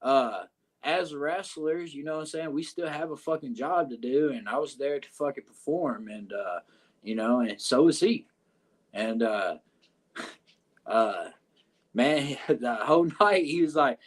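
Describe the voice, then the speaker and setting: A man's voice: mid-range voice, lively intonation, measured pace. A man, a wrestler guest, telling a story in casual, profane speech with lots of fillers, over a video call.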